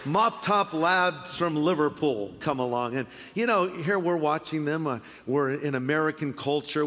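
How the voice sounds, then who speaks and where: A middle-aged male pastor delivers a sermon in a high, light voice, spinning humorous stories and slipping into quick impressions. His voice carries a long reverb from a large church hall. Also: fairly bright tone, a little hiss or hum.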